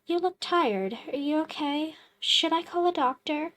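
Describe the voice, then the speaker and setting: A woman voicing an eerily polite, calm stranger who talks in a soothing, overly caring but insistent way. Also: high-pitched, measured pace. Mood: smoothly insistent. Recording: loud game music behind.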